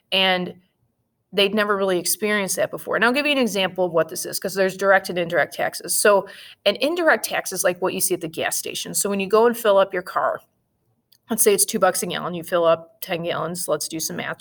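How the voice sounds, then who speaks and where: A woman's voice: mid-range voice, vocal fry. Woman teaching history with jokes. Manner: lively, joking, lots of acted-out asides. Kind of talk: casual classroom lecture.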